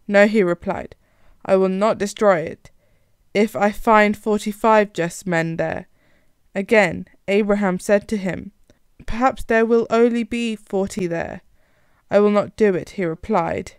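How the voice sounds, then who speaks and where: Woman, liturgical Bible reading, very smooth resonant voice, dry close sound, measured delivery. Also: medium pitch, a little mellow, dry recording. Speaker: scripture reader.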